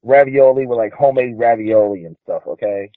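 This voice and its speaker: A man co-hosting a casual interview, protesting loudly and animated. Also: medium pitch, a little fast, dry recording. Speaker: co-host. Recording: phone-like tinny line.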